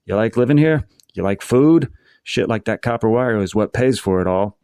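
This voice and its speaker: A man's voice: fairly low pitch, moderate pace, no room sound, studio quality. A man playing a dismissive middle-aged crook. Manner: flat, dismissive. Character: man in his fifties, petty crook, blunt and indifferent.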